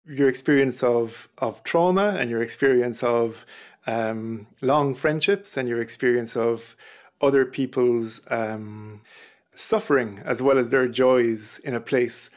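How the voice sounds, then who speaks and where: A man of ordinary pitch speaks as a poet guest in an interview. He is thoughtful and hesitant, with pauses and fillers as he searches for words. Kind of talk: reflective interview talk.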